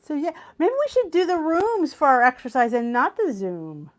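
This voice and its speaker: A woman's voice: sits high, huge pitch swings, normal speed. A middle-aged woman with a Philadelphia accent, hosting a live stream and chatting with viewers, laughing often. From Philadelphia area, US. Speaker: weight loss channel host.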